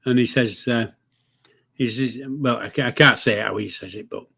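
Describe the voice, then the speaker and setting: An older man with a Yorkshire accent, speaking at an ordinary mid pitch. He chats casually and teases his co-host with dry banter. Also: steady tone, gravelly, bright, forceful tone, breathy edge. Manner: teasing, quick to laugh, chiming in. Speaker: podcast co-host. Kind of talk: casual chat.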